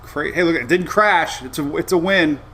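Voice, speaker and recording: A man's voice: a little high, moderate pace, a little hiss or hum. Easygoing man hosting a casual weather chat. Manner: rambling, easygoing, excitable asides. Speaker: weather show host.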